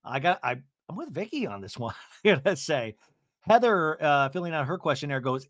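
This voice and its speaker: A man hosting a podcast, recapping a TV episode in a sarcastic, animated way, often laughing and slipping into mock voices. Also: on the high side, a little fast, dry recording, studio quality. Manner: laughs often while talking. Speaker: podcast host.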